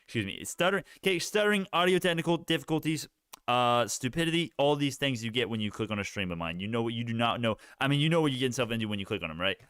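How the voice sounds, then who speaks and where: Young male streamer, loose and rambling to his chat, clear resonant tone, dead-dry sound. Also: medium pitch, lively intonation, fast, a bit bright, no room sound. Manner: rambling, talks to chat, restarts often. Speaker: stock live-streamer. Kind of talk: casual livestream chat.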